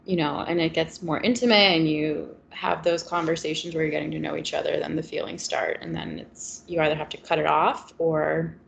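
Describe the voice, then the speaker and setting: A woman's voice: deep voice, steady tone, a little fast, vocal fry, hardly any pauses, muffled recording, slight background noise. A woman in her twenties chatting candidly and reflectively, with a touch of sarcasm. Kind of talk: casual chat.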